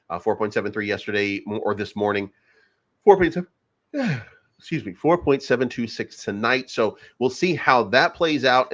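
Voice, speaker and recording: A man's voice: on the low side, fairly bright tone, highs cut off. A man hosting a casual crypto livestream, rambling and profane, with many fillers and restarts. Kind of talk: casual livestream market commentary.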